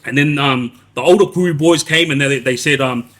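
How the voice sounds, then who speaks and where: A man's voice: medium pitch, normal speed, a bit bright. A man, telling stories on a live stream in a rambling way, full of restarts and "yeah?" checks. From Australia. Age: 40s. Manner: rambling, many restarts and tag questions like "yeah?". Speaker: livestreamer telling prison stories. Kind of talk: casual storytelling on a live stream.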